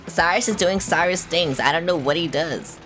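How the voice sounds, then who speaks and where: A woman's voice: lowish voice, normal speed, fairly bright tone, faint music behind. A young woman streaming a video game, talking casually to her viewers and a friend, swearing often and teasing herself. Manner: blunt, swears often, self-mocking. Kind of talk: casual live-stream chatter.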